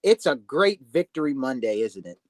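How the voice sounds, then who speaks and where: A man's voice: medium pitch, big pitch swings, normal speed, no echo. Playful young man teasing. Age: young adult. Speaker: guest. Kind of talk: casual sports banter.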